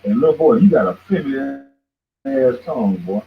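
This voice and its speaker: A show host with a mid-range voice, lively intonation, and normal speed delivers a heated ranting commentary monologue. Confrontational, he keeps repeating "boy," and the tinny, phone-like line carries faint noise.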